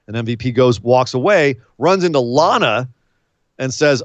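A man hosting a casual chat about wrestling, animated, with frequent laughs and quick asides. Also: mid-range voice, no room sound. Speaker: podcast host. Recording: dull lo-fi dry sound.

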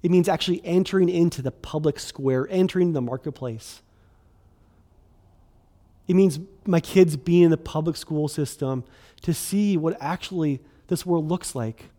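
A middle-aged pastor delivering a sermon as if chatting with friends. His voice sits a little high for a man, and he fills his speech with casual asides, quick bursts and restarts. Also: mellow. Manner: conversational, filler-heavy, restarts, quick bursts.

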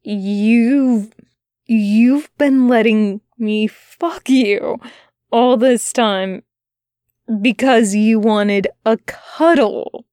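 A woman voicing a wary, hurt male demon who speaks quietly and hesitantly. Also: fairly high pitch, drawn-out words, no room sound, studio quality. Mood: hurt, guarded.

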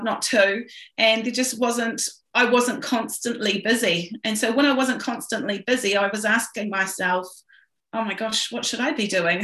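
A woman's voice: fairly high pitch, fairly bright tone. A middle-aged woman as an interview guest, telling a personal story in an earnest, emotional way with frequent restarts. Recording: roomy echo.

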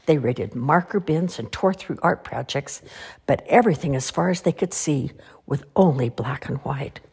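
A woman reading children's stories aloud in an expressive, sing-song way. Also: low-pitched, moderate pace, creaky, slightly rough. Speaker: storyteller. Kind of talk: children's story read-aloud.

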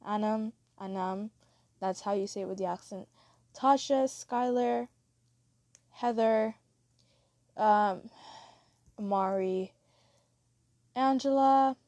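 A woman's voice: fairly high pitch, warm tone, no room sound. A woman hosting her own podcast in a casual solo chat, rambling and apologetic, with many fillers. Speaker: podcast host.

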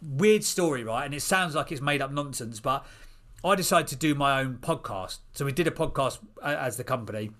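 A middle-aged man, a podcast guest, telling a personal story in an animated, casual way. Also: medium pitch. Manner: animated, quick storyteller with restarts.

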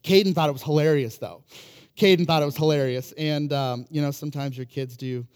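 A man's voice: fairly high pitch, a little fast, a little mellow. A man preaching a casual sermon, telling humorous family stories in a conversational way, full of fillers and restarts. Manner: humorous, self-deprecating anecdotes. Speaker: pastor.

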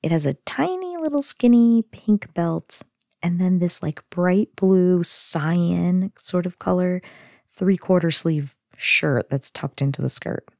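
A woman's voice: on the low side, expressive, slow pace, gravelly, darkish tone, no room sound, studio quality. A woman hosting a podcast, chatting casually through a sitcom recap with lots of fillers and giggly asides. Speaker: podcast host.

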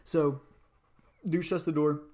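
Brief: chatty podcast host, loose rambling delivery, middle pitch. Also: fairly even intonation, slow pace, darkish tone. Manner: rambling, many "like"s, laughs while telling. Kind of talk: casual storytelling chat.

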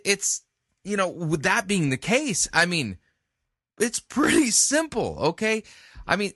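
A man's voice: on the high side, sharp tone, no echo, studio quality. A man hosting a casual commentary, rambling with many restarts and fillers and making self-mocking jokes. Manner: joking, self-mocking asides.

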